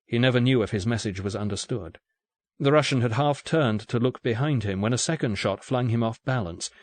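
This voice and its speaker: A man narrating an audiobook in a steady, even reading voice. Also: mid-range voice, a little fast, no echo. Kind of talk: scripted narration.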